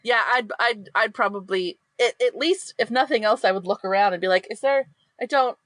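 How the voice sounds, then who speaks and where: Bright, dry-sounding woman playing a tabletop game. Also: medium pitch, fairly quick, no room sound. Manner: blunt, swears casually. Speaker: player. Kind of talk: casual tabletop role-play.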